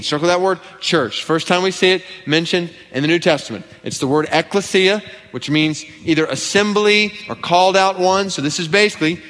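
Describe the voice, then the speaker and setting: Earnest preacher in a reverberant hall. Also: male voice, high voice, fairly bright tone. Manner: earnest, emphatic, repeats key lines for stress. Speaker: pastor. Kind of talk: expository sermon. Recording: long reverb from a large hall.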